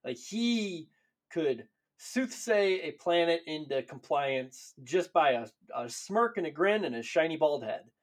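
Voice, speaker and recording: A man co-hosting a podcast, retelling lore in casual, profane, animated chat and laughing often. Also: fairly high pitch, measured pace. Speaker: podcast co-host.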